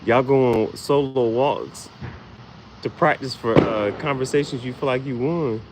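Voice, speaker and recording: A man's voice: medium pitch, measured pace, background noise. A man vlogging in a casual comedic monologue, laughing often and swearing in slangy storytelling.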